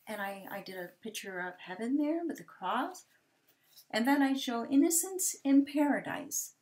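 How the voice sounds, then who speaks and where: A woman in her forties giving a personal testimony talk for a ministry, gentle and halting, with hesitant restarts. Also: fairly high pitch, big pitch swings. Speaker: ministry speaker sharing testimony.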